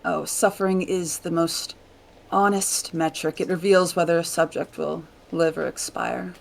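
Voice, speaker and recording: A sinister woman murmurs cold philosophy in slow menace, as a player puts her on. Her voice sits low and carries a gravelly fry. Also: fairly even intonation. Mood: menacing.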